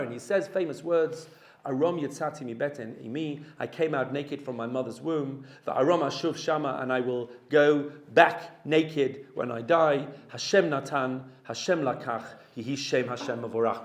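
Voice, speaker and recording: A man, a rabbi, giving a Torah lecture, reading Hebrew verses and translating them, and asking the class questions. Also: on the high side. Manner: animated, asks the class questions. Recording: roomy echo.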